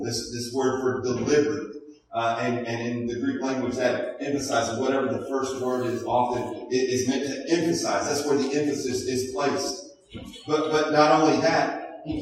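A man preaching a sermon as pastor, earnest, often repeating a word as he starts a phrase. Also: medium pitch. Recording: echoey hall from far off.

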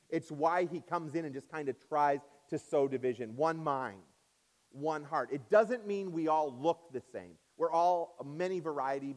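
A man preaching a sermon as pastor in a church, swinging up and down in pitch and loudness and stretching out key words. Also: in a large hall. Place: church sanctuary.

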